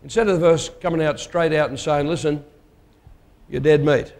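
A man's voice: fairly high pitch, fairly even intonation, normal speed, a little mellow. Conversational male preacher in a reverberant hall. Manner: conversational, emphatic, asks the listeners questions. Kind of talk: sermon.

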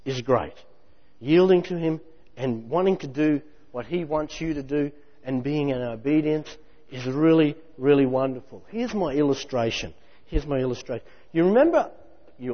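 A man preaching a sermon in a lively, conversational way with jokey asides. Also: on the high side. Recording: muffled hall recording with long reverb.

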